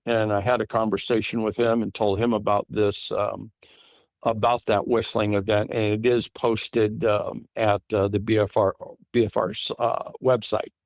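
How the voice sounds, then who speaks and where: A man's voice: fairly low pitch, flat delivery, moderate pace, no room sound. Rambling middle-aged man telling his encounter. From California. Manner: rambling, many restarts and fillers. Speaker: guest witness. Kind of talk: casual interview storytelling.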